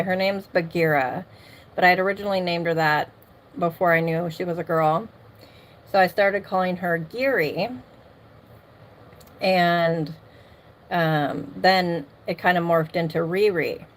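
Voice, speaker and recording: A middle-aged woman casually chatting on a livestream from her home, laughing often and greeting viewers by name. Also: on the low side. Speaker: livestream host. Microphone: streaming mic.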